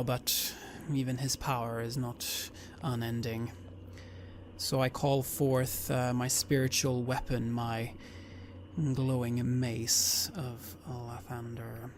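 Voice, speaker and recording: Slow, solemn man playing a cleric. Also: mid-range voice, creaky, slight background noise. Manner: measured and solemn, some restarts. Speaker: player voicing a cleric. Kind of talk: tabletop role-play, in and out of character.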